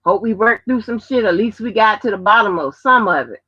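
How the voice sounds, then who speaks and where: A woman's voice: mid-range voice, expressive, a little fast, pushed and bright, slightly rough, no room sound, highs cut off. A woman hosting a live stream in loose, profane casual chat, laughing and trailing off between points. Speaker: livestream host.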